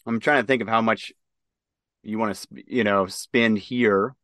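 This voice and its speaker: Veteran guest, male, from Nebraska; halting casual storyteller, dry close sound. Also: on the low side, fairly even intonation, fairly bright tone, dry recording. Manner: halting, many fillers and restarts. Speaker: interview guest, military veteran.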